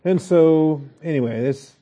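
A man teaching a Bible lesson as a pastor, relaxed and folksy, with frequent fillers and chuckles. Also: fairly high pitch, measured pace.

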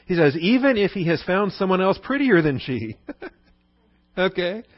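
A man's voice: high voice, sing-song, normal speed, dry recording, dull audio. A man teaching a Bible lesson in a conversational sermon style, often asking the listeners "okay?". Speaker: pastor.

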